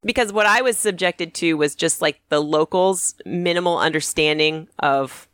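Wry, lowish-voiced middle-aged woman. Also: normal speed, soft background music. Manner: wry, animated storyteller. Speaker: podcast guest. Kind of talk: casual interview chat.

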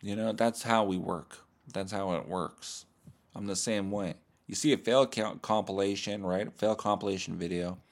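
Low-voiced man, crude deadpan rambling. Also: moderate pace, vocal fry. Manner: crude, profane, deadpan mock-serious. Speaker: podcast host. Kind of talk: rambling comedic monologue.

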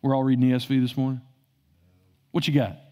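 A man's voice: medium pitch, level tone, fast, mellow. A male pastor preaching a sermon, asking the congregation questions and repeating phrases for emphasis.

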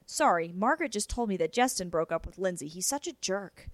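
A woman voicing a bossy teenage big sister with a British accent, brisk and scolding. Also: mid-range voice, expressive, no echo, close to an everyday voice. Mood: chatty.

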